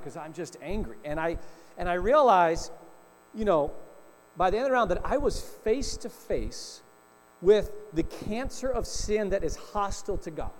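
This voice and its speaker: Middle-aged male pastor, high voice, chatty storytelling sermon, echoing hall, faint hum. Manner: storytelling, conversational with frequent "right?" asides.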